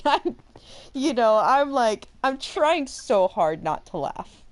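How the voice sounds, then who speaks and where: A young adult woman hosting a gaming channel, telling a rambling story while she plays, animated and full of fillers and laughter. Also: sits high, slow. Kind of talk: casual storytelling while playing a game.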